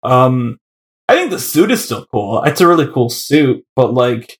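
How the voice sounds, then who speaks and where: A man's voice: medium pitch, sing-song, unhurried. A man co-hosting a casual podcast chat, joking around and laughing often. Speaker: podcast co-host.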